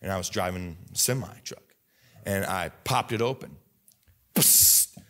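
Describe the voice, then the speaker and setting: Midwest american guy preaching, gets loud and fired up then drops low, stumbles and restarts a lot. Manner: excitable, swings between low earnest talk and loud fervent bursts; halting, many restarts and fillers. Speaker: pastor. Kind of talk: sermon.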